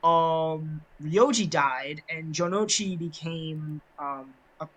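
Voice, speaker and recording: Guy co-hosting a podcast, slow and rambly, lots of ums and restarts. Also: a little high, a bit bright, rough recording. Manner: rambling, many fillers and restarts. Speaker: podcast co-host. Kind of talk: casual chat.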